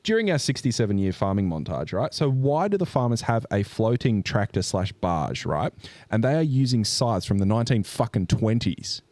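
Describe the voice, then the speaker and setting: A man with a fairly low voice co-hosts a podcast. He rants about a film with a lot of swearing and exasperated laughs. The recording is close and dry. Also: very animated, moderate pace, darkish tone, no echo. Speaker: podcast co-host. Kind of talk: casual chat.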